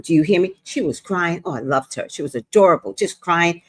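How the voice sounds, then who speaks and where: A woman's voice: on the low side, fairly quick, husky. A woman hosting a casual livestream, telling brash, profane stories and chatting with viewers. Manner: brash, profane, animated storytelling. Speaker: livestream host and reader. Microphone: streaming setup.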